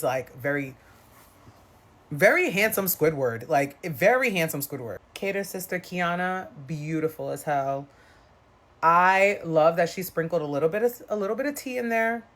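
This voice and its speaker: A woman's voice: fairly low pitch, lively intonation, moderate pace. A woman giving casual, blunt and gossipy reaction commentary on a dating show, often slipping into the voices of the people she quotes. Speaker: reality TV commentator.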